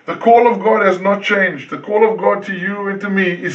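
Pastor guy preaching, kinda high voice, far from the mic, muffled lo-fi, keeps repeating stuff for punch. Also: fairly even intonation, moderate pace, few pauses. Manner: preaching with emphatic repetition, rising and falling intensity. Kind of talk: sermon. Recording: distant, dull lo-fi sound.

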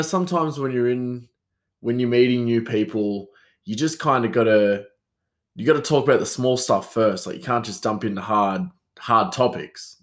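A man, hosting a solo podcast in a rambling, self-mocking chat that answers itself. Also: medium pitch. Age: 30s. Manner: rambling, self-mocking, talks back to himself. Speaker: podcast host.

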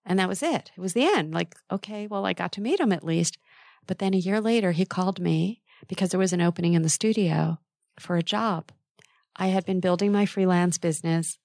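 A middle-aged woman, a textile designer and author, telling a personal story in an interview in a lively, candid way with quick asides. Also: on the low side, gravelly, no room sound.

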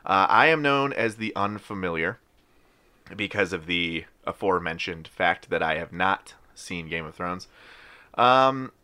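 A man's voice: low voice, expressive, a little slow, pushed and bright, clear, resonant tone. A man hosting a casual podcast, talking in a wry, rambling way with offhand swearing. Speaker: podcast host.

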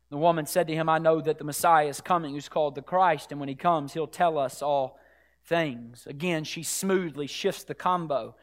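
A pastor preaching a sermon to his church, swinging from hushed, whispered lows to shouted climaxes. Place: church sanctuary.

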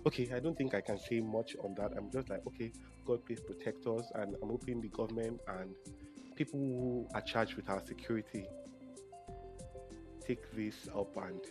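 A man's voice: on the low side, steady tone, normal speed, music in the background. A young Nigerian man talking casually in a solo monologue, emotional and often correcting himself mid-sentence. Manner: chatty, self-correcting, emotional.

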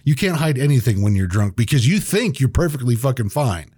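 Animated swearing guy, mid voice, dead-dry sound. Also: medium pitch, fairly quick, breathy edge, no room sound. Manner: animated, profane, acts out quotes. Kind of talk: casual chat.

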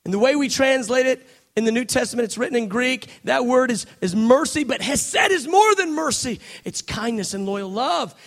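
Brief: a passionate male preacher with a very high-pitched voice, dropping to a hush and then rising to a shout. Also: lively intonation, moderate pace. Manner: passionate, swings between hushed and shouting. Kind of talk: sermon.

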